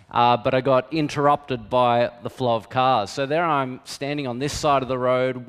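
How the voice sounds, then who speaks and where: A man's voice: medium pitch, smooth. A middle-aged man, preaching a sermon in a candid, conversational storytelling manner with self-deprecating humour. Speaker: pastor. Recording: long reverb of a hall.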